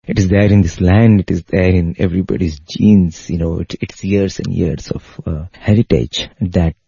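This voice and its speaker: A man voicing a calm, devoted older mother who speaks in a gentle, unhurried way. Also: low-pitched, gravelly, husky, no room sound, exaggerated voice. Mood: reflective. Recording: dull lo-fi recording.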